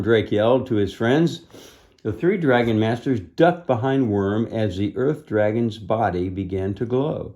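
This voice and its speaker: A man reading a children's storybook aloud at a very slow, gentle pace, stopping to point out the pictures. His voice sits low and his tone is dark and mellow. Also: expressive. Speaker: storybook reader.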